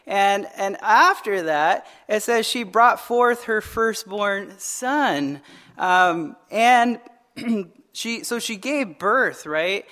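A male pastor in his thirties, preaching with a high voice. His delivery is animated and conversational, full of "right?" asides. He often doubles the first word of a phrase as he goes. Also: extremely slow. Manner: animated storytelling with frequent "right?" tag questions; repeats words when starting phrases. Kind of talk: sermon.

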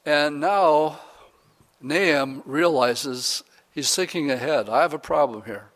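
A man's voice: on the high side, slow, fairly bright tone. A man preaching a sermon, retelling a Bible story in a casual storytelling way with slang. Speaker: pastor.

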